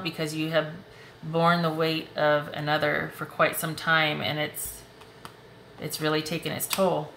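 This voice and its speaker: Brief: woman tarot reader, low voice with a bright edge, soothing and emotional, echoey room with faint hiss. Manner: warm, reassuring, emotional, laughs often. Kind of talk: casual tarot reading to camera. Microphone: close desk mic.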